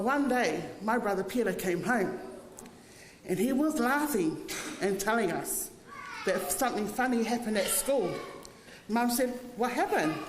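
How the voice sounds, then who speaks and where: A woman, giving a funeral eulogy as a family member and telling fond, humorous stories. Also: medium pitch. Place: church hall. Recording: echoey church hall, faint noise.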